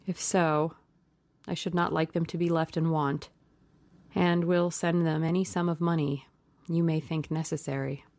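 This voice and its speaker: A woman voicing a young English gentleman who talks languidly, then sharply and urgently. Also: low voice, little pitch movement, moderate pace, no echo.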